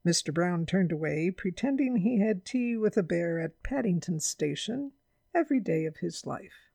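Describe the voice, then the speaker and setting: A woman reading a children's storybook aloud with clear, measured narration. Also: lowish voice, animated, warm tone, no echo.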